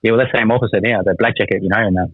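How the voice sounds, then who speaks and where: A man's voice: on the low side, fairly even intonation, rapid-fire, slightly rough, dry recording. An Australian man telling a prison story in a rambling, casual way, swearing a lot and using many fillers. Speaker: guest, former prisoner. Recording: tinny phone-like line.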